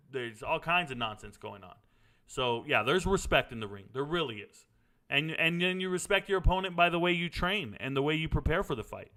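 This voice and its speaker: A middle-aged man hosts a casual live sports Q&A, answering viewer questions bluntly and with strong opinions, often drifting into stories. His voice is a little high and sharp in tone.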